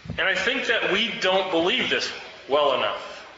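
A man's voice: sits high, very animated, a little slow, pushed and bright, a little hiss or hum. A man preaching a sermon, fervent and exhorting, urging his listeners to act. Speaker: pastor. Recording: echoey hall, dull sound.

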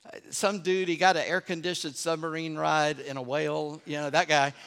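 A man from Charleston preaching a sermon as pastor, telling stories with animated energy and dropping to a hush for effect. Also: a little high, moderate pace, clean tone. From Charleston, South Carolina. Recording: long hall reverb.

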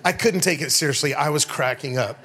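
A man's voice: on the high side, a little fast, a bit bright. A middle-aged man preaching a sermon to his church, telling funny stories and calling out to the congregation. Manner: storytelling, call-and-response with the congregation. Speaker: pastor. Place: church sanctuary.

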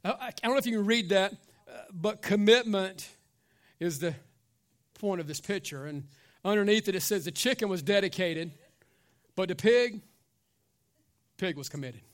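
Pastor guy preaching, high-ish voice, casual jokes, tells the crowd to repeat after him. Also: normal speed, pauses often. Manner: animated preaching with call-and-response asides; casual, joking asides. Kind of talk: sermon.

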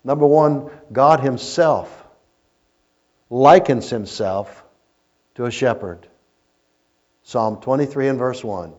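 Storytelling preacher with a muffled sound. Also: male voice, medium pitch, slow pace, pauses often, darkish tone. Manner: storytelling preacher, rising and falling in intensity. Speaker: pastor. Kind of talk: sermon. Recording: muffled lo-fi recording.

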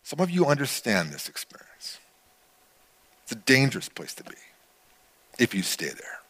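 A middle-aged man preaching a sermon, animated, acting out quotes and swinging between loud and hushed delivery. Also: mid-range voice, normal speed, breathy edge. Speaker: pastor.

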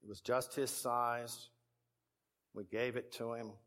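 Texan preacher guy, middle-aged, animated storyteller doing little voices for people in his sermon story. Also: medium pitch, slow pace. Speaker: pastor.

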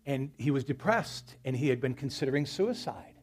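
A man's voice: medium pitch, lively intonation, moderate pace, darkish tone, husky. A male pastor preaching a sermon at a church service, talking to the congregation in a conversational way and telling stories between scripture quotes.

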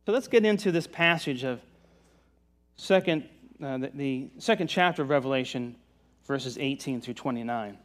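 A man from the Virginia mountains preaching a sermon in a relaxed, conversational way, joking with the congregation. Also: mid-range voice, normal speed. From Virginia mountains, USA. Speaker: pastor. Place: church service.

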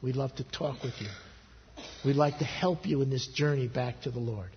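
A man preaching a sermon as pastor, earnest, his pitch rising on pleading questions and dropping low and soft for intimate appeals. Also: moderate pace, a little hiss or hum. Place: church sanctuary. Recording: husky voice in a long-reverb church hall, dull lo-fi sound.

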